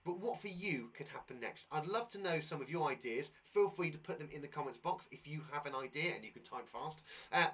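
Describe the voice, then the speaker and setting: Animated, husky British male teacher. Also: on the high side, recorded from a distance. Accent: British English. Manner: enthusiastic, talks directly to children at home, reads story aloud slowly. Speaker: primary school teacher. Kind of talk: live online lesson for children.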